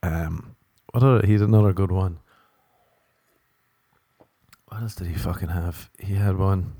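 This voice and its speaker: A man rambles through a solo podcast, cracking jokes, swearing freely and drifting from one tangent to the next. His voice sits low with a mellow, dark tone. The sound is dry and close, with no room in it. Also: fairly even intonation, measured pace, breathy edge, dry recording. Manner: rambling, joking, swears often, laughs at himself. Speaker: podcast host. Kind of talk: casual solo podcast monologue.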